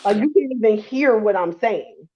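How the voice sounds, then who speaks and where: A woman's voice: mid-range voice, expressive, normal speed, a little mellow. A woman in her thirties co-hosting a podcast in casual chat, laughing often and acting out what people say. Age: 30s. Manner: laughs often, acts out quotes. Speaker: podcast co-host. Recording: slightly dull lo-fi sound.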